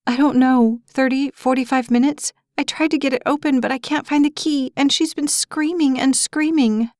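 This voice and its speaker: A woman's voice: high-pitched, steady tone, unhurried, no room sound, voice pushed up. A woman reading a frightened young mother of about twenty who is close to hysteria, pleading in a rising voice, in an audiobook. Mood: panicked.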